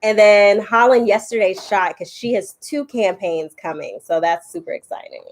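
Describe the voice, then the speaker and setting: A young woman co-hosting a family vlog, telling stories in a playful, animated way. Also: medium pitch, normal speed. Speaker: vlog co-host. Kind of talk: casual family chat.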